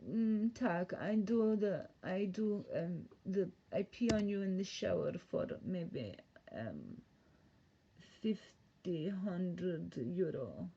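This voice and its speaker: A woman's voice: on the low side, very animated, slow pace, creaky, dark tone, dull audio, a little hiss or hum, heavily acted. Woman putting on a sultry Eastern European vamp.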